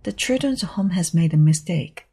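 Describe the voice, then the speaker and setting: A woman voicing a shy, gentle older male farmer who speaks hesitantly, in a low husky voice. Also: animated, moderate pace. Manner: gentle, hesitant, soft-spoken.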